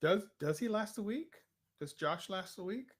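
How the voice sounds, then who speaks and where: Male co-host, slightly higher voice, slangy, jokey, thinks out loud. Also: lively intonation, moderate pace, husky. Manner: slangy, joking, guessing out loud. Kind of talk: casual live-stream chat.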